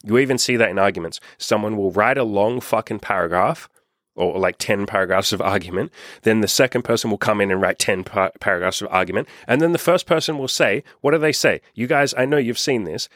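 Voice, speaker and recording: A man's voice: on the low side, fairly quick, a bit bright, no room sound, studio quality. A man hosting a podcast, giving casual self-help advice straight to his listeners, laid-back and swearing freely. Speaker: podcast host.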